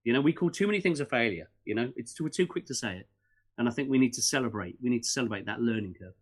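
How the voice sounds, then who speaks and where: Guesting on a podcast for a casual interview, a middle-aged man speaks with a pitch that swings lively up and down. He rambles quickly, stumbling into restarts and scattering fillers throughout.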